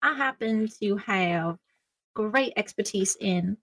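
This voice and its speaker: A woman voicing a lively, folksy six-foot female elf cowgirl in a tabletop game, bubbly and eager. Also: medium pitch, slow.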